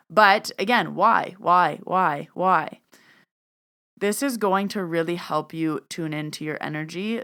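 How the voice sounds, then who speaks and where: Young woman host, deep and smooth, relaxed solo musing. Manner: casual, reflective, repeats questions. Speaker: podcast host, energy worker. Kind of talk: solo podcast talk.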